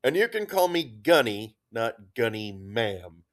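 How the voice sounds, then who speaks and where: A man's voice: medium pitch, sing-song, unhurried. A man voicing a brash, friendly woman sergeant who teases and gives orders. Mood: teasing. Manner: teasing, bossy.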